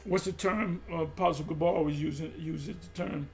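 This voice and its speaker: A man's voice: fairly high pitch, fairly even intonation, normal speed, vocal fry, slight background noise. A man preaching in an impassioned monologue, emphatic and repetitive, often stumbling and restarting mid-phrase. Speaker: religious group teacher.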